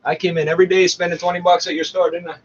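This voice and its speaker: A man's voice: sits high, flat delivery, racing. Sarcastic man ranting over background noise. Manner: sarcastic, profane, argues back at broadcasts. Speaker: listener ranting over the radio. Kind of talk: angry running commentary. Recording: muffled lo-fi recording with clear background noise.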